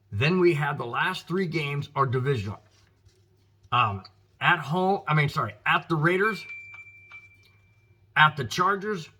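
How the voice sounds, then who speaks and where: Emphatic, frustrated American football fan host. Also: male voice, a little high, sharp tone, breathy edge. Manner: emphatic, frustrated, addresses viewers as guys. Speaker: sports podcast host. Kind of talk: opinionated football commentary.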